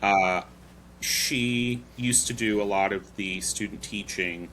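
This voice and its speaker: Male podcast host, low-pitched but bright tone, rambling storyteller, faint background noise. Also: steady tone, slow. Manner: chatty storyteller, loose and rambling. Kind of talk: casual chat.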